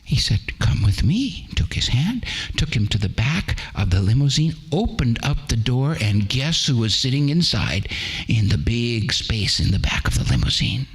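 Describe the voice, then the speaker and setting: A man's voice: medium pitch, lively intonation, moderate pace, breathy edge. A man telling a Christmas story at a church program, reading expressively and shifting voices.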